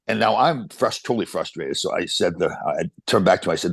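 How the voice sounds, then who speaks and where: A man in his sixties, a podcast guest telling animated stories with quick restarts. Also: sits low, breathy edge, no echo. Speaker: podcast guest, former pro hockey player. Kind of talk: casual storytelling interview.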